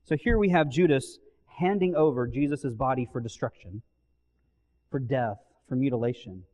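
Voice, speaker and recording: A man preaching a sermon in a church. He talks in an animated way and acts out the quotes with sudden loud bursts. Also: mid-range voice, moderate pace. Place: church sanctuary. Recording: long church hall reverb.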